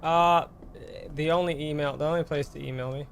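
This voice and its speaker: A man's voice: a little high, fairly even intonation, a little fast, vocal fry, slight background noise. A man streaming a game live, joking and thanking viewers.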